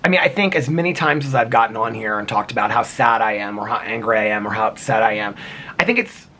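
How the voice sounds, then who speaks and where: A man's voice: fairly low pitch, quick pace, pushed and bright, slight background noise. A man vlogging outdoors in the cold, talking to camera in an earnest, rambling way with lots of "like" and restarts. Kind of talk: casual reflective talk to camera.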